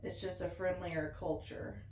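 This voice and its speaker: Slow, folksy woman with Appalachian-Ozark twang. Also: fairly low pitch, little pitch movement, a little mellow, slight background noise. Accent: Appalachian and Ozark blend. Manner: slow, homey and folksy with laughs. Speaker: interviewee. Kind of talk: oral history interview. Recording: roomy echo.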